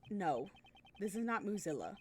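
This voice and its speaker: A woman voicing a cool, formal male prosecutor, reading a game aloud in a lowered, measured delivery. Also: very animated, a crowd in the background, close to an everyday voice. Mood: calm, deductive. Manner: measured, lowered, deliberate speech.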